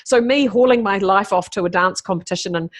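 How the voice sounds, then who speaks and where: A middle-aged woman with a mid-range voice talks a little fast in a casual remote-call conversation, lively and free with her swearing. She appears as a podcast guest and keynote speaker.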